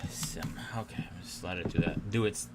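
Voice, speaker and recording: A man's voice: sits low, normal speed, loud music behind the voice. A man streaming live as he works at his computer, chatting casually, muttering to himself and swearing often.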